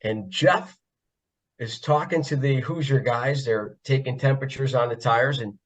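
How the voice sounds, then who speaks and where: A man's voice: mid-range voice, moderate pace. A man from the northeastern US, a podcast guest telling casual stories in a jokey, laughing way. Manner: jokey, laughs often, self-described funny guy. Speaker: podcast guest, former pit crew member. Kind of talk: casual storytelling. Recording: slightly dull lo-fi audio.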